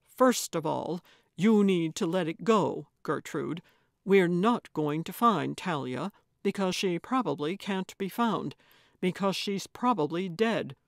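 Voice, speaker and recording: A woman's voice: on the low side, expressive, slow, no echo, studio quality. A woman voicing a weary older man in a mystery audiobook, grumbling and tired. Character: weary older man, reluctant senior sleuth.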